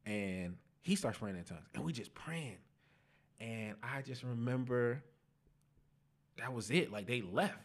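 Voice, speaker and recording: A young man on a podcast, telling his life testimony in casual slang, animated and laughing at himself. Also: medium pitch, measured pace, pauses often. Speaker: podcast guest.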